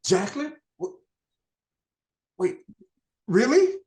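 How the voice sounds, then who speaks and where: A man's voice: very high-pitched, sing-song, slow pace, vocal fry, darkish tone, heavily acted. A man acting an online stage scene as a bewildered old friend, answering in puzzled short replies. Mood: baffled. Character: baffled, slow-on-the-uptake male old friend. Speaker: acting student. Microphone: video call. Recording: echoey room.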